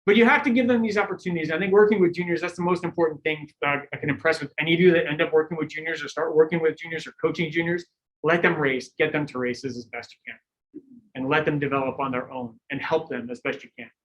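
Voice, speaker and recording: A middle-aged man, a cycling coach, giving a lecture full of animated stories and acted-out quotes, laughing now and then. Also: fairly high pitch, fast, rough recording. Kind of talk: lecture with anecdotes.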